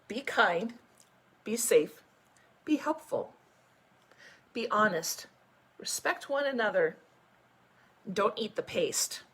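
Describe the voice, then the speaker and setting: A woman school principal reading a picture book aloud to children, with animated storytelling and chatty asides. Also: medium pitch, slow, pauses often, slight background noise. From United States.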